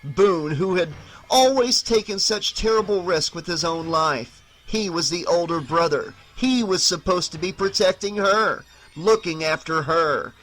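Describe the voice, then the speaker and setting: A man narrating a horror novel as an audiobook in a measured, dramatic reading. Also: high-pitched, fairly bright tone, rough recording.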